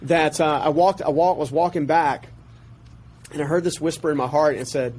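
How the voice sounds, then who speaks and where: A man telling a personal story as a podcast guest, in an animated, passionate way. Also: fairly high pitch, moderate pace, slightly rough.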